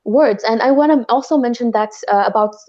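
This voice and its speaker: A woman co-hosting a casual spiritual chat, talking in halting bursts with many restarts. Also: on the high side, a little mellow, muffled recording. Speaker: podcast co-host.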